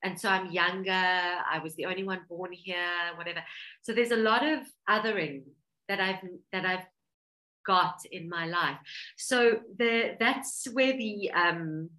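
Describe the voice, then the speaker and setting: A woman's voice: on the low side, measured pace, bright, forceful tone, low-quality recording. A woman from South Africa with a South African accent, earnestly telling her life story as an interview guest. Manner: earnest, heartfelt, talks through emotion.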